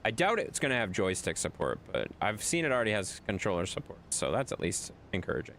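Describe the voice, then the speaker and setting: A man's voice: on the low side, wildly swooping pitch, quick pace, fairly bright tone, slight background noise. A male gaming streamer in casual live-stream chat, telling a rambling story and talking to his viewers.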